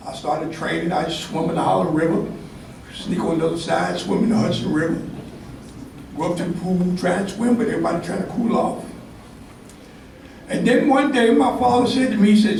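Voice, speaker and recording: An older man from Harlem tells a story in a speech, lively and acting out each character. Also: sits high, fairly quick, slight background noise. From Harlem, New York. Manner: animated storyteller, acts out quotes. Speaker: ceremony speaker. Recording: echoey hall from far off, faint ambience.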